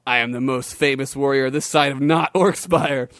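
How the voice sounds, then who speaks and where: A man voicing a brash, crude male warrior who boasts with a slow, swaggering delivery. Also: mid-range voice, steady tone, a bit bright, no room sound, clean studio sound, lightly acted. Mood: boastful.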